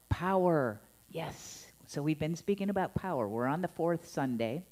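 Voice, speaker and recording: Preaching a Sunday sermon at a church service to a live and online congregation, a woman minister speaks slowly in a low, mellow voice whose pitch swoops up and down with lots of life. She is playful and chatty, acting out the scolding tones she describes with laughs.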